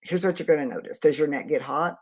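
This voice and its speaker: A woman's voice: deep voice, fast, a little mellow, husky. A middle-aged woman and leadership coach giving a live teaching talk, earnest, practical and conversational.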